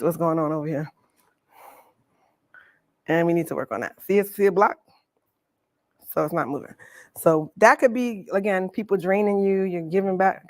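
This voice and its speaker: Woman, workshop coach, chatty, casual slang, mid pitch, dry close sound. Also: no room sound. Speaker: Reiki coach leading a workshop. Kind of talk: live workshop demonstration. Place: workshop room with an audience.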